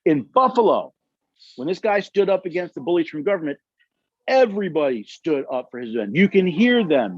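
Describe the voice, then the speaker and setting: A man's voice: a little high, very animated, a little fast, dry recording, muffled recording. A man leading a constitution study session, telling stories emphatically and acting out the quotes, with audience questions. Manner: emphatic storytelling, acts out quotes.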